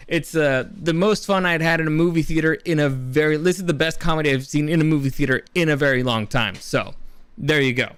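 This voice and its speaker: A man's voice: on the high side, fairly bright tone, smooth, no echo. A young man casually reviewing films, rambling and enthusiastic, with many restarts. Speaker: movie reviewer. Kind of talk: casual spoken film review.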